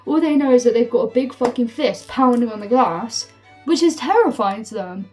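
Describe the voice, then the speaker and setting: A young woman telling a storytime vlog, swearing freely and filling her talk with "like", heated and animated. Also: on the high side, normal speed. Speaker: storytime vlogger. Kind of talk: casual storytime rant. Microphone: phone. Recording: phone mic from a distance with faint music.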